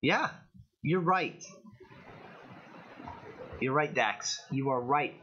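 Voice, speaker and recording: Extremely slow yet animated, a young man's mid-range voice comes across bright and forceful, with slight background noise. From the United States and carrying a Californian accent, he hosts a casual political commentary stream, rambling and replying to chat in dull lo-fi audio.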